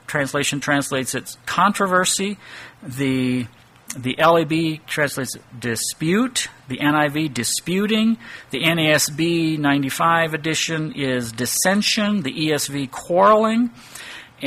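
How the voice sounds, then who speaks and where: A man's voice: on the high side, sharp tone. A middle-aged man giving an expository Bible teaching, thinking aloud and posing rhetorical questions.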